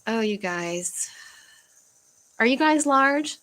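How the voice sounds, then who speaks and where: A woman's voice: a little high, animated, fairly bright tone, low-quality recording. Young woman on a home livestream, hesitant, lots of ums and sighs. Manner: halting, searching for words, frequent fillers and sighs. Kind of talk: casual livestream chat reading comments.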